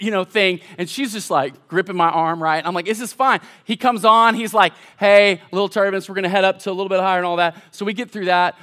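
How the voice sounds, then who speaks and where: A young man preaching a sermon, telling a lively family story to the congregation. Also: high voice. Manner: animated, addresses the congregation as y'all. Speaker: college pastor.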